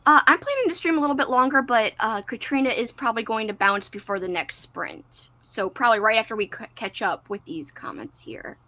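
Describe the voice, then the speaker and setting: A woman's voice: a little high, animated, a little fast, hardly any pauses, pushed and bright. A woman hosting a casual livestream chat, giggling often and reading chat comments aloud. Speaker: livestream host.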